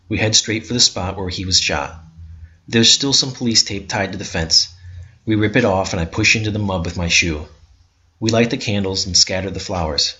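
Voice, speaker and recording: A man's voice: lowish voice, fairly bright tone. A man giving an intense, bitter first-person narration of a story. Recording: dull lo-fi recording.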